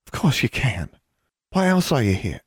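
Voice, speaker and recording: A man voicing a gentle, sad teenage witch girl in an audiobook, speaking softly and murmuring. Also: mid-range voice, big pitch swings, normal speed, slightly rough, no echo, studio quality, voice pushed up. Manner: soft, murmuring. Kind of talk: audiobook character voice.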